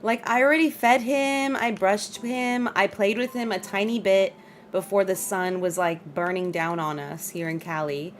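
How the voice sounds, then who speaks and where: A woman's voice: medium pitch, fairly even intonation, moderate pace, a little hiss or hum. A woman streaming a game from home in casual chat, laughing often and talking to her dog and her viewers.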